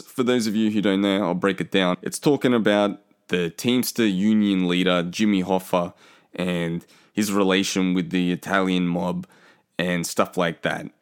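A young man talks straight to his listeners in a loose, rambling solo show. His voice sits a little low, and he swears freely and pokes fun at himself as he goes. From Australia. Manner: chatty, profane and self-mocking. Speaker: podcast host. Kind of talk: casual solo talk show.

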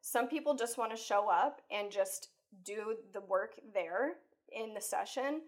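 A woman life coach talking casually as an interview guest, chatty and animated, acting out her own thoughts with lots of "like" and "you know.". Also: on the high side, unhurried. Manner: acts out her own inner thoughts while telling stories. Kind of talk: conversational interview.

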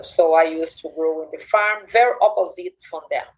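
A Brazilian woman in her forties speaking English with a Brazilian Portuguese accent, telling family stories in a casual interview, lively and quick to laugh. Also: low voice, husky, poor audio. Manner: animated, laughs often, acts out family dialogue.

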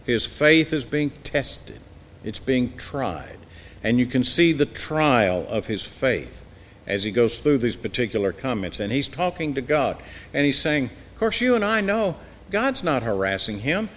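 A man's voice: mid-range voice, sing-song, unhurried, fairly bright tone, slight background noise. A man leads an evening Bible class in an ordinary mid-range voice. He reads scripture aloud with growing emphasis, then explains it in plain teaching talk. His voice rings with a long reverb, as if recorded in a large hall.

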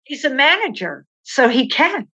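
A middle-aged woman, a podcast guest, telling candid personal stories in an animated way and acting out the dialogue. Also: high voice, normal speed. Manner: animated, acts out quoted dialogue, laughs while telling. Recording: slightly dull, lo-fi sound.

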